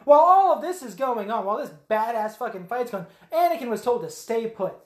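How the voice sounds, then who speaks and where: A woman chats casually through a film recap, her pitch jumping up and down as she acts out scenes with goofy voices and sound effects. She swears freely and laughs along. Her voice echoes around the room. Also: big pitch swings, fairly quick. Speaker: podcast co-host.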